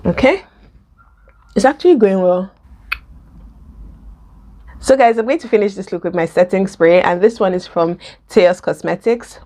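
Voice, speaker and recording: A young woman with a Nigerian accent telling a story in a casual vlog while doing her makeup, lively and laughing often. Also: mid-range voice, moderate pace, pauses often, slight background noise. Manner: animated, mixes in Pidgin and laughs. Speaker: vlogger.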